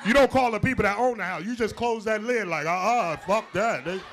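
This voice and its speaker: A man from Haiti doing a loud, profane stand-up set, acting out the people in his stories. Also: high voice, fast talker, a little hiss or hum. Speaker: stand-up comedian. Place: comedy club stage with live audience. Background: audience laughter.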